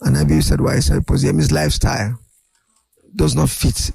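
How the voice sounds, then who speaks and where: An older man, a guest in an interview, telling animated anecdotes and acting out other people's voices. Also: mid-range voice, a little fast, creaky, husky, no room sound. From Nigeria. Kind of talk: storytelling interview.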